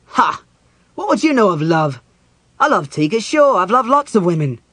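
A man reading the part of a big, brooding warrior general in an audiobook, gruff and growling. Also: medium pitch, moderate pace, a little mellow, no room sound, voice pushed up, close to an everyday voice. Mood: scornful.

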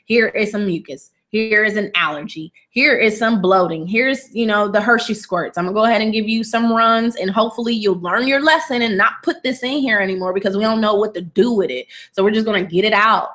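Lively woman wellness coach, playful and emphatic, teaching a webinar. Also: mid-range voice, a little fast, few pauses. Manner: animated, playful, repetitive. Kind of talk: webinar lesson.

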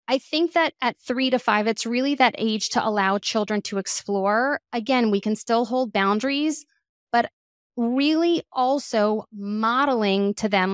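A mother of two, a guest expert on children's emotions, talking casually in an interview with a lively, chatty manner and lots of "like". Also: a little high, no echo, studio quality. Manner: animated, acts out quoted voices, frequent "like". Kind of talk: conversational podcast interview.

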